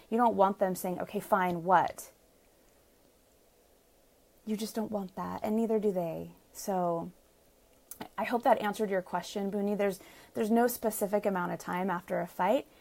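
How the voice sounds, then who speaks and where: A chatty woman coaching on relationships, her voice full of gravelly fry. She talks earnestly through a live question session, laughing often and slipping into quoted asides. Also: mid-range voice, a little mellow. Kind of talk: live Q&A reading viewer comments.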